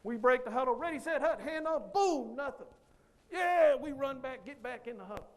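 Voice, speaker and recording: A man giving a motivational speech, telling a story with lively delivery and acting out the other people's lines. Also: very high voice, moderate pace. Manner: animated storyteller who acts out others' lines. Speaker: motivational speaker.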